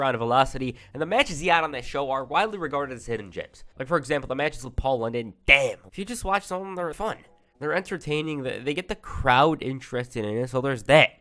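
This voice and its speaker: A man's voice: medium pitch, fairly bright tone. Chatty young man recapping wrestling history. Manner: chatty, with offhand asides and fillers. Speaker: YouTube wrestling history narrator. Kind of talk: casual recap narration.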